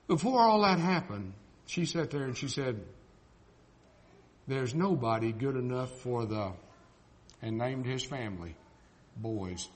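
An older man preaching a folksy sermon, joking and swinging between loud and soft. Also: medium pitch.

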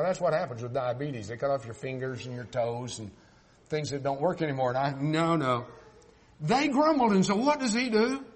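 Older man preaching with big swings. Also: fairly high pitch. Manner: folksy, joking, swings from loud to soft. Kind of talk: sermon.

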